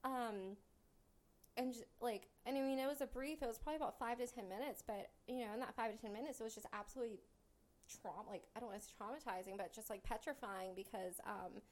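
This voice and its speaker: A woman's voice: a little high, fairly even intonation, quick pace. A female guest telling a story in casual chat, acting out the dialogue she quotes. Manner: chatty, acts out quoted dialogue.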